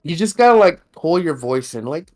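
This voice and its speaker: A woman's voice: low voice, very animated, normal speed, a little mellow, faint music behind. A woman co-hosting a podcast, chatting casually with a teasing, giggly manner. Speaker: podcast co-host. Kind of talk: casual chat.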